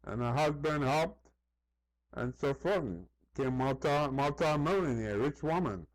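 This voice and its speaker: A man talks in a loose, conversational vlog style, often turning to the listener with "you see?". His voice sits a bit high for a man. The recording is dry and close, with no room sound. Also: measured pace, no echo, low-quality recording. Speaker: vlogger. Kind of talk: casual commentary to camera.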